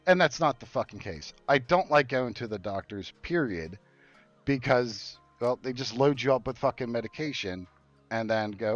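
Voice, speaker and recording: A man streaming a game and ranting hard, swearing and indignant, his voice often dropping low and then rising in bursts. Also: lively intonation, normal speed, dull audio, faint music behind. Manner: heated, profane, indignant. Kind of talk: angry rant while gaming.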